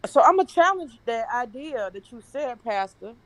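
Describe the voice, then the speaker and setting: A woman's voice: fairly high pitch, big pitch swings, normal speed, rough recording. Emphatic woman arguing her point. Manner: argumentative, emphatic. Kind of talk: casual panel chat.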